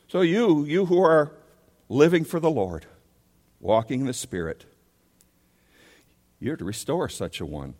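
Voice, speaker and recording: A man's voice: mid-range voice, animated, measured pace, pauses often, darkish tone. A male pastor preaching a sermon, emphatic, and he keeps rising into pleading questions. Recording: long hall reverb.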